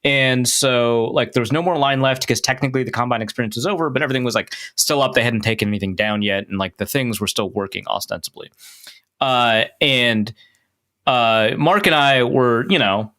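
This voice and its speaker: A young man with a bright, forceful voice tells a story on a podcast. He is animated and self-mocking, and he laughs as he talks. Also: mid-range voice, a little fast. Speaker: podcast co-host. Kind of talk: casual storytelling chat.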